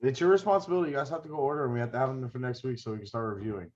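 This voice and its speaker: A man's voice: medium pitch, rapid-fire, darkish tone, highs cut off. A man co-hosting a podcast, blunt and insistent in casual banter. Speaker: podcast co-host.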